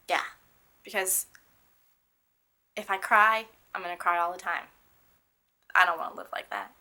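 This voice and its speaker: Speaking a little slowly with long pauses, this young woman has a mid-range voice that sounds pushed and bright. She opens up candidly about her painful illness, earnest and emphatic, frequently starting her sentences over.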